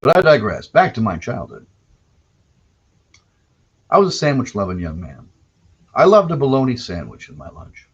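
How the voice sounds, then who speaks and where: Husky canadian guy rambling through stories, lively up and down voice, dull lo-fi sound. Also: mid-range voice, normal speed, long pauses. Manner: digressive, self-correcting, wry. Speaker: podcast host. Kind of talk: rambling anecdotal monologue. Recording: dull lo-fi recording.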